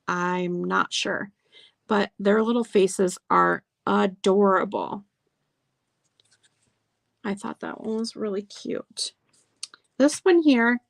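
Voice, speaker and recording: In a dry recording, a woman with a mid-range voice and vocal fry runs a casual live sale, showing vintage items online. Chatty and attentive to details, she reads the verses from old cards aloud.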